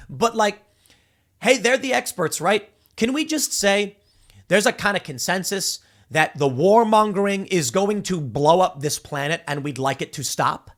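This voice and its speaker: A man in his thirties hosting casual political commentary, talking in an animated way, acting out voices and restarting his sentences often. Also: a little high, normal speed. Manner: animated, acts out voices mid-story, frequent restarts.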